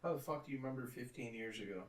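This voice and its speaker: A man's voice: mid-range voice, very fast, recorded from a distance. Joking young man, echoey and off-mic. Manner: joking, profane, storytelling. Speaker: podcast co-host. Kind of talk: casual chat. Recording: roomy echo, off-mic.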